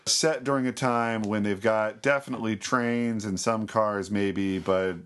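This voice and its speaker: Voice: mid-range voice, fairly even intonation, unhurried, a bit bright. A co-host of a casual chat about classic films, wry and explanatory. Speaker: podcast co-host.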